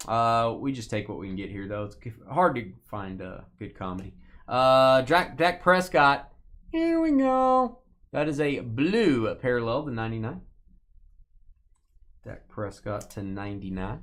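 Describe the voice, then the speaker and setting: A joking man hosts a live card break and rattles off player names as he goes. His pitch swings widely, rising and dipping all the time. His talk stays loose and casual. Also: sing-song, a little slow, a bit bright. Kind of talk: casual live stream chat while opening card packs.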